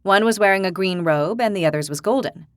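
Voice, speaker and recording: A woman narrator reading a fantasy audiobook in a steady storytelling manner. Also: mid-range voice, a little fast, no echo, clean studio sound. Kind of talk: scripted narration.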